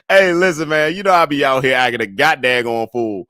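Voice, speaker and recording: A man's voice: fairly high pitch, a little slow, no echo, clean studio sound. Laid-back man hosting a live chat show. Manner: laid-back, laughing, swearing, loud bursts of excitement. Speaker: livestream talk show host. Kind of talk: casual chat with a live audience.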